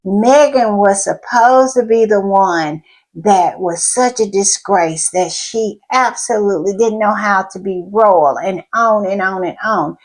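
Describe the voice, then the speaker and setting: A woman's voice: mid-range voice, unhurried, rough recording. A woman giving casual opinion commentary on royal news, stressing points by repeating words and laughing between remarks.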